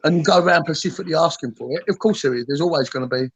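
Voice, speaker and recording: A man's voice: fairly high pitch, racing, a little hiss or hum. A man from the UK in casual, blunt banter, swearing freely as a podcast host. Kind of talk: casual chat.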